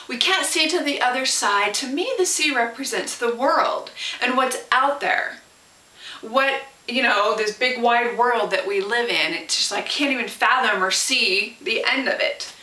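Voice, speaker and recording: Woman, casual Bible lesson, chatty with rhetorical questions, high bright voice, roomy room, from a distance. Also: unhurried. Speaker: Bible teacher.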